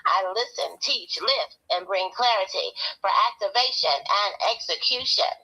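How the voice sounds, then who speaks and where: A woman's voice: very animated, a little slow, vocal fry, pushed and bright, breathy edge, low-quality recording. A woman guest, a therapist, giving an upbeat, rehearsed introduction of herself over a remote call. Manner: upbeat, declarative pitch. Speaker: guest, therapist and business owner.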